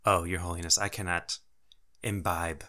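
A man's voice: low voice, flat delivery, normal speed, bright, forceful tone, soft background music. A man voicing a nervous stammering goblin servant. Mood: apologetic. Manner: stammering, apologetic, keeps repeating honorifics. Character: nervous, overly deferential male goblin servant.

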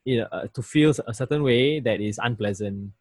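A man's voice: medium pitch, fairly quick, breathy edge, dry recording. A man from Malaysia casually explaining slang, acting out phrases with frequent laughs. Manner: animated, acts out phrases, laughs often. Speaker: guest explaining language.

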